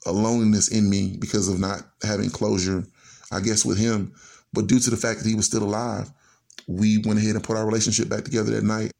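Gravelly and fairly low-pitched with a darkish tone, a man tells a personal family story on the radio as a guest storyteller. He's earnest and heartfelt, stringing his clauses along with "and so."

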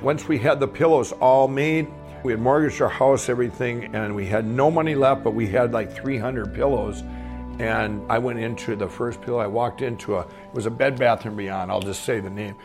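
Man with a creaky voice, loose and candid, telling his life story. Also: mid-range voice, moderate pace, music in the background. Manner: rambling and candid, acts out dialogue in his stories. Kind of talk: personal storytelling.

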